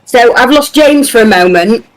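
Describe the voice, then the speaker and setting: A woman's voice: fairly high pitch, lively intonation, normal speed, poor audio. A woman playing a tabletop game online, flustered and apologetic as she loses her place. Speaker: player.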